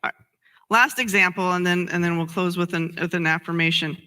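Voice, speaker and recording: A woman minister giving a conversational sermon, animated, acting out little role-plays and laughing often. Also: lowish voice, a little fast.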